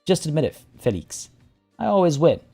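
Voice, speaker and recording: A man voicing a smug, scheming male cartel boss who taunts his rival in a slow, drawn-out way, reading game dialogue aloud. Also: on the high side, very animated, creaky, dark tone, slightly rough, soft background music, pitched above the performer's own voice, heavily acted. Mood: gloating.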